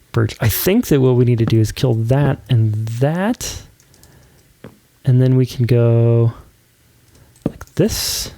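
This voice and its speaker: A man's voice: mid-range voice, vocal fry, darkish tone, no room sound. A man hosting a let's play, chatting casually and giggling while he builds. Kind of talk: casual gameplay commentary.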